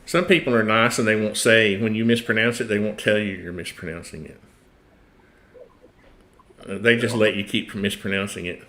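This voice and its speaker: A man's voice: on the low side, steady tone, moderate pace, long pauses, a bit bright. A middle-aged man with a Tennessee accent hosting a casual livestream, rambling, chuckling and trailing off mid-sentence. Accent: Tennessee Southern US. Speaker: host.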